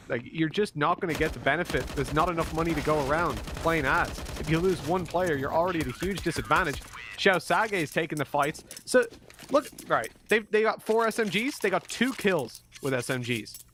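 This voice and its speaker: A man commentating live on an esports match, teasing his co-caster with excitable banter. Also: a little high, fairly quick, slight background noise.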